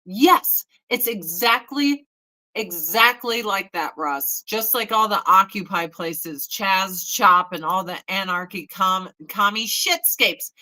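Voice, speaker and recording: A woman's voice: medium pitch, slow, bright, forceful tone, poor audio. A woman in her forties hosting a casual morning chat, blunt and profane, often mocking people in put-on voices. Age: 40s. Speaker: host.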